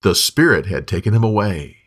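A man narrating a Bible story in a scripted, expressive reading. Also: fairly low pitch, brisk.

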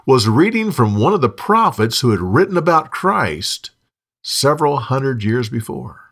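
A man narrating a Bible story in a scripted, expressive reading. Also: mid-range voice, measured pace, vocal fry.

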